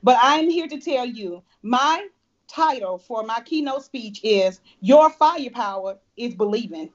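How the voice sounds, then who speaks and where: A woman from New Orleans with a New Orleans accent, a guest speaker giving an earnest keynote pitch over a video call. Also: lively intonation, a little slow. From New Orleans, Louisiana. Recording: dull lo-fi video call audio.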